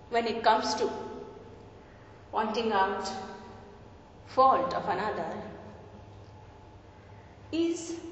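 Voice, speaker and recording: A woman gives a spiritual talk at a steady, explanatory pace, her voice sitting a little high. She is recorded in a large hall with a lot of reverb. The sound is dull and lo-fi, with a faint hiss behind it. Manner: measured, explanatory, tells illustrative stories. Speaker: speaker on spiritual teachings.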